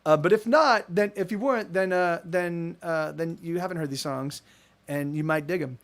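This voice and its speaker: A man's voice: on the high side, moderate pace, a bit bright. A man in his thirties, a livestream host, telling a rambling story to his chat with many restarts and a lot of swearing. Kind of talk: casual storytelling to live chat.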